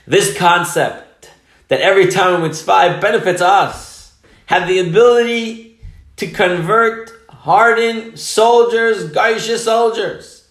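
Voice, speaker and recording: A man's voice: high-pitched, slow, a bit bright. A man preaching as a rabbi, emphatic, telling a story and mixing in Hebrew and Yiddish terms. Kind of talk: sermon with storytelling. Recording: roomy echo.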